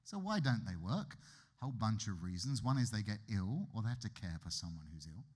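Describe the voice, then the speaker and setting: A man's voice: lowish voice, sing-song, brisk, darkish tone. A man with a British accent giving a conference keynote lecture in a wry, conversational way with emphatic asides. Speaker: keynote speaker. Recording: reverberant hall.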